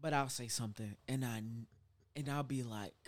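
A man's voice: medium pitch, moderate pace. A man co-hosting a casual faith podcast, reflective with playful asides, acting out his own inner dialogue. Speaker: podcast co-host.

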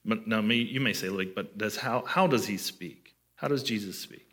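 Guy preaching a sermon, bright clear voice, chatty, keeps asking the congregation stuff. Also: fairly low pitch, moderate pace. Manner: conversational preaching, asks listeners questions. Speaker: pastor.

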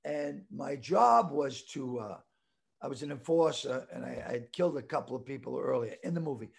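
A middle-aged man from the Boston area telling a rambling story with stammering restarts and animated voices. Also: mid-range voice, moderate pace, creaky. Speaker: comedian guest telling a story. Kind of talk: casual storytelling.

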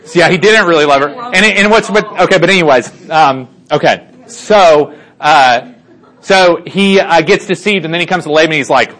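A man casually retelling a Bible story to a group as their teacher, animated and chatty, with many fillers and asides. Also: a little high, normal speed.

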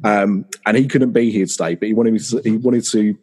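A man hosting a podcast in a husky, fairly low voice. He mostly gives short reactions and now and then asks an easygoing question. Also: brisk. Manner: brief reactions, relaxed questions. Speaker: podcast host. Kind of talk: casual interview chat.

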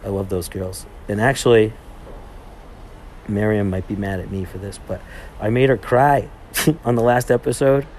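A young man with a low-pitched voice chats through his podcast in a loose, meandering way. He restarts his sentences often and leans on fillers as he goes. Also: steady tone, moderate pace, pauses often, darkish tone, a little hiss or hum. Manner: rambling, heavy on fillers and restarts. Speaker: podcast host. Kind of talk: casual monologue, retelling a trip.

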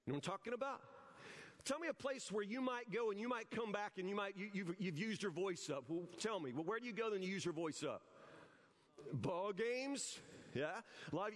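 High-voiced preacher in a reverberant hall. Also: male voice. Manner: animated and joking, breaks into shouts. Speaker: pastor. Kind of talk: sermon.

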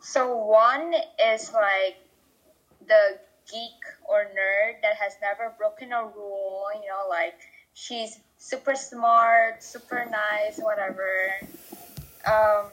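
A woman's voice: medium pitch, steady tone, slow, a bit bright, low-quality recording. A teenage girl chatting casually on a video call, summarizing a book with lots of likes. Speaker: student presenting a book.

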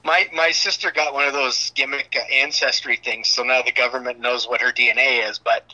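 A man's voice: medium pitch, steady tone, brisk, pushed and bright, poor audio. A man in his thirties, a wrestler guest, telling stories in loose casual chat with casual swearing.

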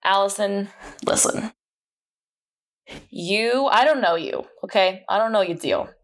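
Woman podcast cohost, middle pitch, emphatic and encouraging, keeps saying okay, casual chat. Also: measured pace. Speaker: podcast co-host.

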